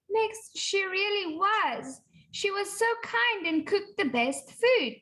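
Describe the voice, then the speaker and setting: Woman English teacher, bright high voice, slow and patient, explains as she reads. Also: poor audio. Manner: slow, patient, explains words and repeats phrases. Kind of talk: reading and explaining a textbook dialogue to pupils.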